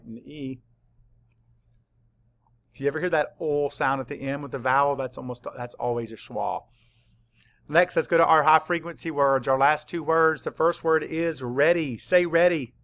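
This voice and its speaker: A man teaching a spelling lesson to young children, spelling out letters slowly and patiently. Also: fairly high pitch, fairly bright tone, dry recording. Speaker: third-grade teacher.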